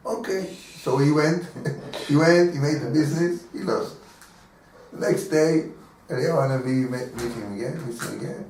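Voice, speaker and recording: Animated rabbi in an echoey room. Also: male voice, on the high side, a little slow, creaky. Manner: animated storyteller, acting out voices in the story, chuckling. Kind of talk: telling a teaching story in a class. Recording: echoey room from far off, faint background noise.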